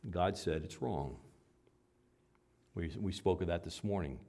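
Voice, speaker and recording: A man, a father, preaching a sermon. He swings between loud, emphatic lines and quiet, low asides. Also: measured pace. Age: adult father. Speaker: pastor.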